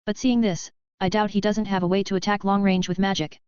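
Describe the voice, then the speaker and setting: A woman narrator voicing a calm male leader sizing up a rival. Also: medium pitch, fairly quick, clean tone, dry recording, muffled recording, close to an everyday voice. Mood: thoughtful.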